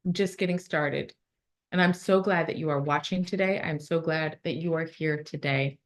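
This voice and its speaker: A woman giving a motivational talk in a conference room, then leading a guided visualization in a calm, soothing way. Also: sits low. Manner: warm, slow and soothing when guiding the meditation. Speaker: motivational speaker. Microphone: phone.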